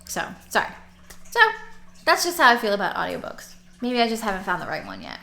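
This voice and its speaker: A woman's voice: mid-range voice, huge pitch swings, fairly quick, creaky, pushed and bright. A young woman chatting casually to camera as a book vlogger, rambling with restarts. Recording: roomy echo.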